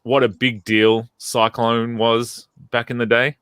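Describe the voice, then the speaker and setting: A man's voice: medium pitch, flat delivery, takes it slowly, a bit bright, smooth, no echo. A man who writes comics, chatting casually and eagerly, with lots of ums and hesitations. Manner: eager, hesitant, many fillers. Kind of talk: casual chat.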